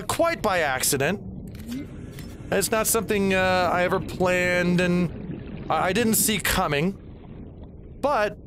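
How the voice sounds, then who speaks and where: A man's voice: sits high, noisy background. A man in his forties telling a rambling personal story while playing a game, with game sounds behind him. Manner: rambling, animated, swears at the game. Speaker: gaming storyteller host. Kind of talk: personal storytelling over gameplay.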